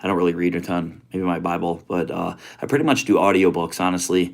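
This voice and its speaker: Low-voiced laid-back livestream host. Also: male voice, fast talker, creaky. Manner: laid-back, greets viewers with slang like homie and brother. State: a bit out of breath. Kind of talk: casual livestream chat. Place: home office.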